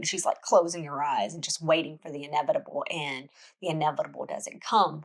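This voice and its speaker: A woman's voice: low-pitched, a little fast, few pauses. Woman recapping a novel in casual chat. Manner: chatty storytelling with frequent restarts. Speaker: book podcast host.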